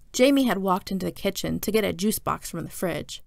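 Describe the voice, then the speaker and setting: A woman's voice: on the low side, a little fast, vocal fry, few pauses, no echo, clean studio sound. A woman reading a children's novel aloud in a casual first-person voice. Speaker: reader.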